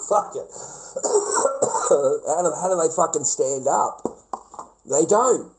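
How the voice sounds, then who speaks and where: A man's voice: on the high side, lively intonation, slow pace, pauses often, rough recording. Sneering, foul-mouthed Australian man ranting. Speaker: vlogger. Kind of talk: profane ranting monologue.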